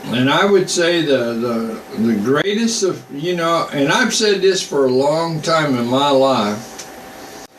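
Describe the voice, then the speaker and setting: A man preaching in a relaxed, unhurried way, moving between scripture readings and casual asides. His voice sits a bit high and comes from some distance off the mic. The room is echoey, with a faint air-conditioning hum underneath. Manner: folksy, slow, reads scripture then comments. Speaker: preacher on a live online broadcast. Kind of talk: informal Bible teaching.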